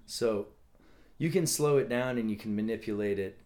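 Male podcast guest from California, lower register, halting, filler-heavy casual talk. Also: a little mellow. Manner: halting, many restarts and fillers. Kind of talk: casual chat.

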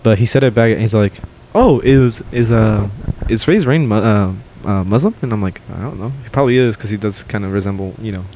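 A young man co-hosting a podcast, telling a story in casual chat, swearing and loudly acting out what people said. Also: fairly low pitch, fast talker, few pauses, a little hiss or hum. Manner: animated, swears a lot, acts out quotes loudly. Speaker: podcast co-host.

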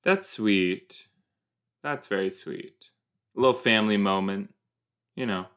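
A man's voice: fairly low pitch, a little slow, fairly bright tone, clean tone. A man hosting a casual reaction show, chatty and rambling, full of restarts and wry, teasing jokes. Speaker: podcast host reacting to a teen TV series.

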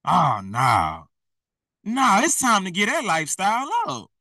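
Bright-voiced man preaching bluntly. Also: high-pitched, huge pitch swings, measured pace, no echo, recorded from a distance, poor audio. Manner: blunt, slangy, exhorting, laughs at himself. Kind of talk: fiery street-style preaching.

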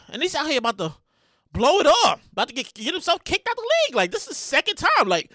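A man hosting his own podcast with loud, comedic commentary, repeating himself, swearing freely and bursting into shouts. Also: very high-pitched, huge pitch swings, fast talker, dry recording, clean studio sound. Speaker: podcast host.

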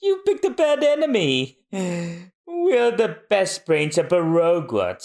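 A man's voice: high-pitched, wildly swooping pitch, takes it slowly, vocal fry, a little mellow, pitched above the performer's own voice, heavily acted. A man doing a gloating, cackling villain. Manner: gloating with cackling laughs, sly and taunting. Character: scheming boastful male villain, wax-wielding schemer.

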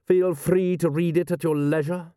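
A man reading an audiobook, voicing a cool, urbane male ruler who speaks in a smooth, precise and quietly ironic way. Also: fairly high pitch, fairly even intonation, normal speed, dry recording, studio quality, pitched above the performer's own voice, close to an everyday voice. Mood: dry.

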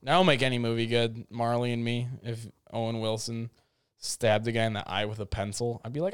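A man's voice: medium pitch, flat delivery, fairly quick, smooth, no room sound, clean studio sound. A young man telling a rambling, jokey story in a casual vlog, full of fillers and restarts. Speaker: vlogger.

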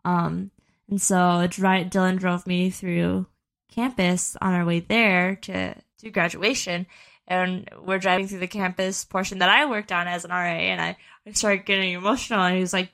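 A woman's voice: lowish voice, flat delivery, normal speed, gravelly, fairly bright tone. A woman in her twenties co-hosting a podcast, chatting casually and telling a long story with plenty of fillers and restarts. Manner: rambling storytelling with many fillers. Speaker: podcast co-host. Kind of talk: casual chat.

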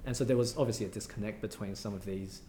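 An Australian man talks quickly and loosely as an interview guest, circling back with "you know" and false starts. His voice sits fairly low. A faint rumble hangs in the background. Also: mellow, reverberant. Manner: rambling, many fillers and restarts. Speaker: guest architect. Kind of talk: casual interview talk.

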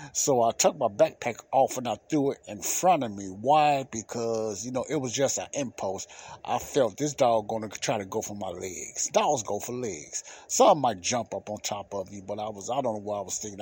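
A man hosting a podcast, telling a personal story in a casual, animated way, repeating himself and using colloquial speech. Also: mid-range voice, breathy edge. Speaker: podcast host.

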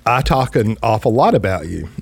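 A man's voice: lowish voice, sing-song, a little fast, creaky, slightly rough, no room sound. A man hosting a podcast, bantering casually with his wife and poking fun at himself. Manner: joking, self-deprecating banter. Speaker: podcast host. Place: small studio set.

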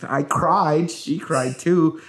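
A man hosting a podcast, chatting casually with his wife in an animated way, laughing and filling his talk with "like" and "you know". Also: a little high, takes it slowly, a loud crowd. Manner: animated, laughing, loaded with fillers. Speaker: podcast host.

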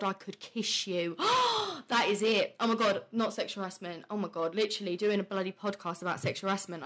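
A young woman hosting a podcast, talking casually and bluntly, swearing freely and laughing often. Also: mid-range voice. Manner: quick, heated rants with animated quoted voices. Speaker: podcast host. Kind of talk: casual chat on a live stream.

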